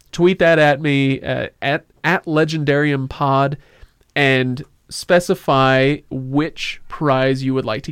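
A man's voice: medium pitch, clean tone, dry recording, clean studio sound. A man hosting a casual podcast, talking in a loose, joking way with plenty of filler words. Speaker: podcast host.

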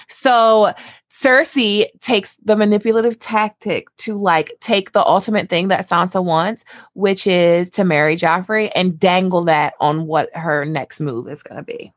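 A woman's voice: lowish voice, unhurried, no echo. A young adult woman co-hosting a podcast, discussing a book in a chatty, profane way. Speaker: podcast co-host.

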